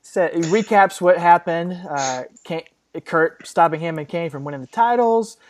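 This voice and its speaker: A man's voice: on the high side, normal speed. A man co-hosting a podcast, recapping a show dryly with occasional laughs. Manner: dry recap reading with laughs. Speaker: podcast co-host. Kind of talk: casual chat.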